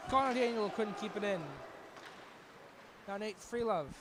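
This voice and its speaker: A play-by-play commentator, a young man with a very high-pitched voice, narrates live hockey against a loud rink's din. He talks at speed with lots of excitement and erupts into shouts at each scoring chance.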